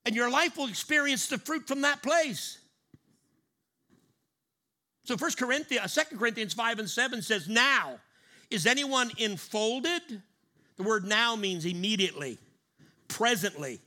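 A male pastor preaching a sermon emphatically, slowing down to stress key words and having the congregation repeat lines after him. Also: extremely high pitch, expressive, bright, forceful tone.

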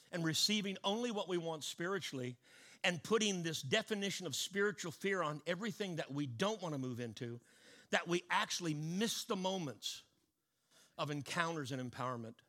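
Preaching a sermon in a bright, high voice, a man shares stories as quiet asides before building into loud declarations.

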